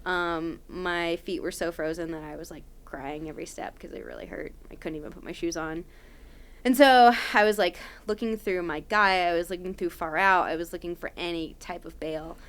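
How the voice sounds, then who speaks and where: A woman's voice: on the low side, steady tone, normal speed. A young adult woman, a podcast guest, telling a story casually and animatedly with lots of "like" fillers.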